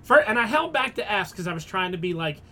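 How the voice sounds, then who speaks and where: A man's voice: high-pitched, very animated, quick pace, bright, forceful tone. A man co-hosting a podcast, telling a story animatedly, swearing freely and acting out the people in it. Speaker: podcast co-host. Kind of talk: casual chat.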